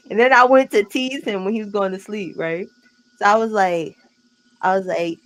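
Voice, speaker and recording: Animated woman hosting a casual live stream. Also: mid-range voice, normal speed, poor audio. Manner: animated storytelling, loose profanity and slang. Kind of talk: casual group chat.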